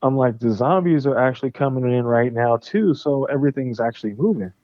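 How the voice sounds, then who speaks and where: A young man, a game studio founder and podcast guest, telling a story with animated, profane energy and acting out both sides of the conversations. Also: medium pitch, fairly quick, dry recording, lo-fi sound. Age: young adult.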